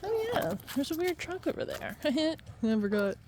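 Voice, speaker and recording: A woman's voice: high voice, very animated, moderate pace, a little hiss or hum. A woman vlogging outdoors, talking fondly to her dogs in a casual, cooing way and calling out to them. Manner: affectionate, cooing, calls loudly to dogs. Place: outdoors in nature.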